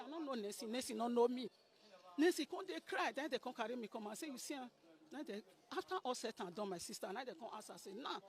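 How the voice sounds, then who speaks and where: A middle-aged woman with a Nigerian Pidgin English accent, giving an emotional account to a reporter, often calling her listener "my sister". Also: a little high. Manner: pleading, repeats phrases, addresses listener as sister. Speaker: interviewee, landlady caretaker.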